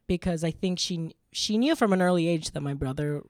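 A woman in a casual chat, speaking thoughtfully and softly with many fillers. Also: on the low side, fairly quick, no room sound, clean studio sound.

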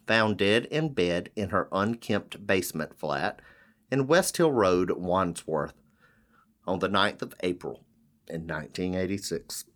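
A man co-hosting a casual true-crime podcast, narrating a case and teasing his co-host deadpan. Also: sits low.

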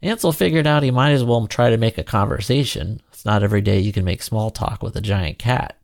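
A man narrating a children's storybook in an expressive, animated reading. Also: fairly low pitch, brisk, vocal fry, no echo, clean studio sound.

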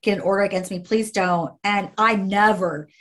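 A woman's voice: mid-range voice, fairly even intonation, normal speed, a bit bright. A woman in casual conversation who tells a story emphatically, repeating phrases and swearing.

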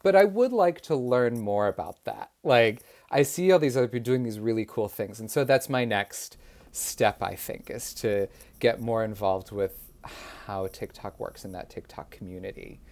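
A young man chatting as a guest in an interview, an animated storyteller. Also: moderate pace. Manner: animated storyteller, jumps into high put-on voices when quoting. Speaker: guest, comedic impressionist. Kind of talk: casual interview chat.

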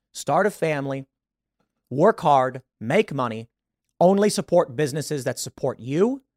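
A man delivers solo commentary as a show host, emphatic and opinionated and fond of rhetorical questions. His voice sits a little higher than most men's. The sound is dry and close, with no room around it. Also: no room sound.

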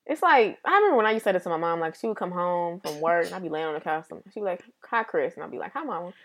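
Excitable young woman with a lively voice. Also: lowish voice, rapid-fire. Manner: excitable, laughing, slangy. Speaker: podcast co-host. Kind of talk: casual chat.

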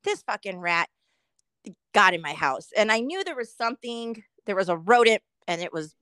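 A middle-aged woman co-hosting a casual podcast, telling a story with constant swearing and lively animation. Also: mid-range voice, normal speed, clean tone, no room sound. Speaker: podcast co-host.

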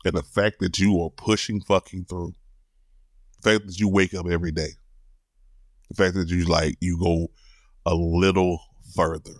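A man's voice: sits low, little pitch movement, moderate pace, pauses often, dry recording, clean studio sound. A middle-aged man hosting his own solo podcast, talking candidly and emotionally, cursing casually and repeating words as he builds his point. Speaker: podcast host.

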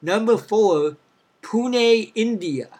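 A young man with a slightly raised pitch chats casually on a podcast. He sounds upbeat as he runs through listener cities and tosses out shout-outs to fans. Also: lively intonation, very slow. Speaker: podcast co-host. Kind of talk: casual chat.

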